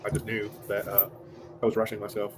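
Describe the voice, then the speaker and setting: Halting, folksy man on a noisy stream. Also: lowish voice, completely flat delivery. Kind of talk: casual chat. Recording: noisy livestream audio.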